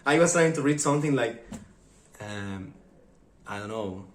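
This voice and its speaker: A man's voice: medium pitch, measured pace. Mexican man chatting, echoey room. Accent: Mexican Spanish. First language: Spanish. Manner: animated, acts out funny quoted exchanges. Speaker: vlogger. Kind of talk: casual chat.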